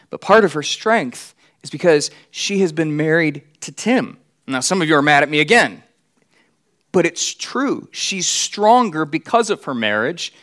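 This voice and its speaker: Middle-aged male pastor, slightly high voice, relaxed storytelling sermon delivery. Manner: conversational storytelling with acted quotes.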